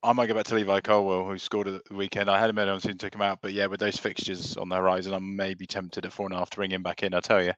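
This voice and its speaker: Brisk low-voiced man, lo-fi mic. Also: little pitch movement, fairly bright tone, dry recording. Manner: brisk, emphatic, rhetorical asides. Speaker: podcast co-host. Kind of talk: casual chat.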